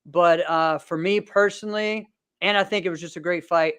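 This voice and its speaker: This thirty-something podcast host and martial arts competitor keeps things casual and upbeat, rambling along with frequent laughs and plenty of fillers. His voice sits high with fairly even intonation, a moderate pace, and a clean, fairly bright tone. There's no room sound at all.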